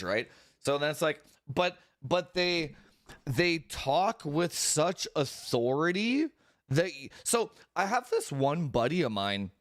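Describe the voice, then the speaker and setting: A man's voice: fairly high pitch, no room sound, studio quality. A young man streaming, chatting casually and ranting with lots of swearing and exasperation.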